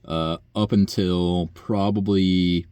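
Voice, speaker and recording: A man's voice: low voice, fairly even intonation, slow pace, dark tone, smooth, dry recording. A young man, a nursing home worker, telling a long profane story in a rambling, sighing way. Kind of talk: casual rant monologue.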